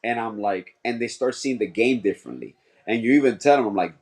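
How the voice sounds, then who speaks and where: A man's voice: fairly low pitch, lively intonation, brisk, a little mellow, husky. A man who coaches football, co-hosting a casual sports podcast and explaining plays earnestly.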